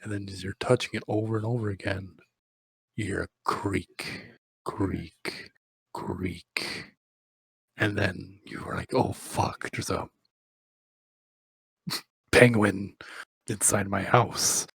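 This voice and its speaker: A man's voice: sits low, steady tone, slow, vocal fry, a bit bright, husky, no room sound. A man telling a rambling, crude, improvised comic story, often breaking into laughter.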